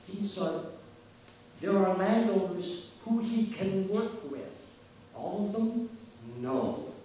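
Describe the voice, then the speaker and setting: A man's voice: high-pitched, lively intonation, slow, mellow. A man from Canada gives an emphatic, storytelling keynote in a slightly raised voice. He is heard from some distance across a very echoey hall. A faint hum of noise sits under his speech. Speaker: keynote speaker. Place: conference hall.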